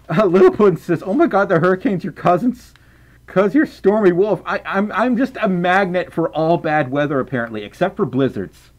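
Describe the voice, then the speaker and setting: Young guy livestreaming, super lively pitch, chatty and playful, lots of stammery restarts. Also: normal speed, dull audio. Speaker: livestreamer reading chat and donations. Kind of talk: casual livestream chat.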